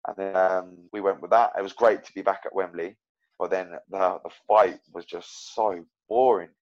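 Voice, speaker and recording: Brit guy fighter on a podcast, lowish voice, muffled lo-fi sound, talks loose and honest. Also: steady tone, moderate pace, a little mellow. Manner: rambling, self-correcting, frank about his own loss. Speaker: MMA fighter guest. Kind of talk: casual interview chat.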